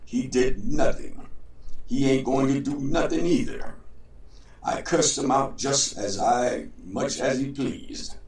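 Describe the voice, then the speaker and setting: A man's voice: mid-range voice, takes it slowly, darkish tone, echoey room, far from the mic, voice pushed up. A man voicing a sly, boastful male trickster in a read-aloud story.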